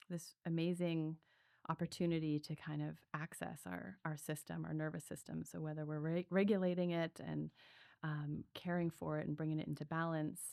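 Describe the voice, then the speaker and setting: A woman's voice: deep voice, vocal fry, darkish tone, dry recording, studio quality. A woman breathwork coach telling her story in a podcast interview, earnest and reflective, with many fillers.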